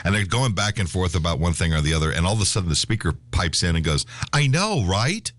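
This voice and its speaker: A man's voice: low-pitched, very fast, fairly bright tone, no room sound. A man hosting a casual radio talk show, reading the news aloud and rambling on with plenty of fillers, on a studio mic.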